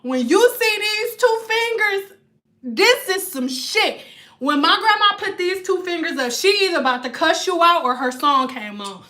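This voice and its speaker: Woman, casual storytime vlog, high bright voice, profane and animated. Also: normal speed. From Detroit. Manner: animated, profane, laughing asides. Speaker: vlogger.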